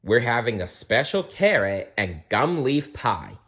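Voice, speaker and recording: A kind, hospitable mother koala from a picture book, read by a man. She speaks in a plain, friendly voice at a slow pace. Her intonation moves lively up and down. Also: mid-range voice. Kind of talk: storybook reading.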